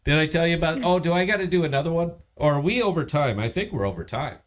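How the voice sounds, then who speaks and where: A man's voice: on the high side, lively intonation, fast talker. A man in his fifties hosting a casual livestream, tipsy, profane and boastful as he tells a long story. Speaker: podcast host.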